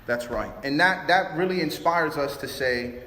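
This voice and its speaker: A man from Chicago giving a relationship talk, animated, acting out both sides of arguments in his stories. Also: on the high side, moderate pace, slight background noise. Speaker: youth speaker. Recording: roomy hall reverb.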